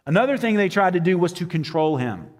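A man's voice: high-pitched, sing-song, fast, darkish tone, in a large hall. A man preaching a sermon in a casual, conversational way, with fillers and quotes he acts out. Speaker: pastor.

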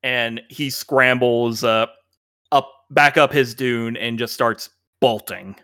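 A man narrating as game master, relaxed and rambling with many fillers. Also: medium pitch, slow, dry recording, clean studio sound.

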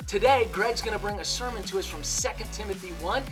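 Woman co-host, mid pitch, upbeat scripted promo read over a loud music bed. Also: quick pace. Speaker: podcast co-host. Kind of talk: scripted podcast intro.

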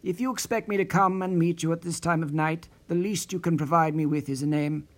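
A man's voice: fairly high pitch, fairly even intonation, normal speed, close to an everyday voice. Man doing a wary, formal older clerk, prim and indignant. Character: wary older male retired office worker.

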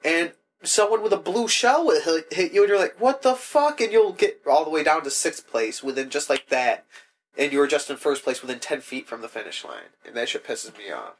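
A man's voice: on the high side, expressive, a little fast, slight background noise. A young man co-hosting a casual chat, laid-back and profane as he complains about games. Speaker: podcast co-host.

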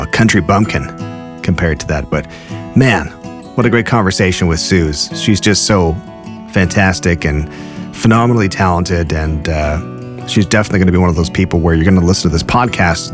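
A man's voice: sits low, fairly quick. A man in his forties hosting a podcast, rambling and self-deprecating, cheering on his guest and reading an ad in casual chat, with music underneath. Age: 40s. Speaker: podcast host.

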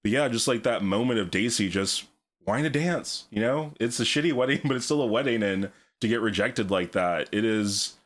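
A man's voice: on the low side, moderate pace. A man talking casually and ramblingly in a book discussion podcast, swearing freely. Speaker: podcast co-host.

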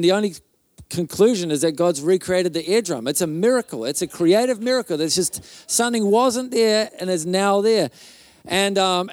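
At a conference, a male pastor tells a story in a loose, chatty way, full of restarts and little mouth sound effects. His slightly high voice is a little mellow, and the recording is dry and close.

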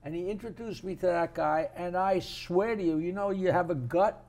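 An older man, a comedian co-hosting a podcast, telling animated, jokey stories in casual chat. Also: high voice, moderate pace. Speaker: co-host comedian. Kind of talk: casual storytelling.

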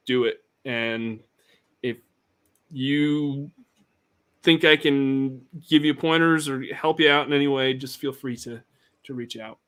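A man's voice: mid-range voice, slow pace, fairly bright tone, clear, resonant tone. A man hosting a casual livestream chat, rambling with many fillers and restarts. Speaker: podcast host.

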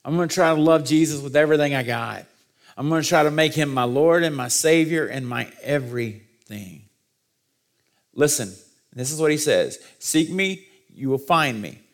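Gravelly-voiced man preaching a sermon. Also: a little high, moderate pace. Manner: storytelling preacher, earnest with self-deprecating humor. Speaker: pastor.

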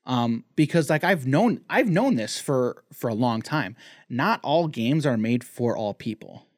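A man's voice: medium pitch, expressive, unhurried, no room sound, clean studio sound. A man co-hosting a casual podcast, talking in loose rambling sentences full of restarts and fillers. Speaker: podcast co-host.

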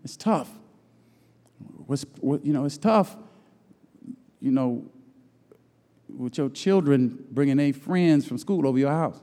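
A pastor preaching a sermon, swinging from loud shouted lines to low murmurs and drawing out his phrases. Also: slow pace, pauses often. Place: church sanctuary. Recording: long hall reverb.

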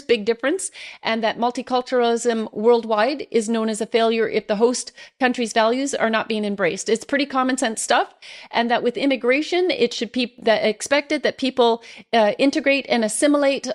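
Woman host from Canada, earnest and preachy, fairly high voice, halting with fillers. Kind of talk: direct-to-camera commentary.

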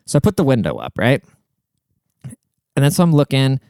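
A young man from Washington State tells a rambling, profane story at normal speed, regularly checking in with his listener. His mid-range voice is smooth and a little mellow, swooping wildly in pitch, in a dry, studio-quality recording.

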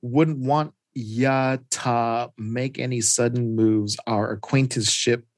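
A man voicing a gruff cowboy soldier with a folksy drawl, in a dry, close recording. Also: medium pitch, fairly even intonation, slow, no echo, close to an everyday voice. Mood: threatening.

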